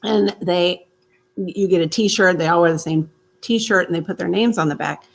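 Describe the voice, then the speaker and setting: A woman's voice: fairly low pitch, normal speed, gravelly, poor audio. Chatty Midwestern woman vlogger. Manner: chatty, laughing, storytelling. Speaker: vlogger host. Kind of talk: casual family chat.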